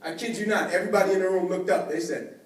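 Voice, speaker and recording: A man telling a personal story to an audience, acting out the voices of the people in it and swinging between hushed and excited. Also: sits high, quick pace. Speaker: motivational speaker. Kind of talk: storytelling keynote speech. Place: large event hall. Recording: echoey hall from far off, faint noise.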